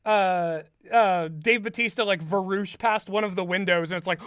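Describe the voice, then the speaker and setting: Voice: mid-range voice, normal speed, few pauses, a bit bright, clear, resonant tone, no room sound, clean studio sound. A podcast co-host casually recapping a movie, rambling with many fillers and amused asides. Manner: rambling, heavy use of "like", amused.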